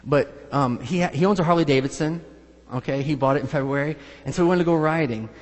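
A man's voice: on the high side, quick pace, big-room sound. A male pastor preaching a sermon, telling stories and acting out the voices of people he quotes with emphasis.

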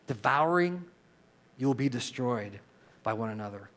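An earnest man preaching a sermon from the pulpit, his voice sitting at an ordinary middle pitch. He drops to a quiet, reflective tone, then builds to loud, emphatic repeated phrases, and leads the congregation in saying lines back to him. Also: moderate pace. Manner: leads the congregation in call-and-response. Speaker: pastor.

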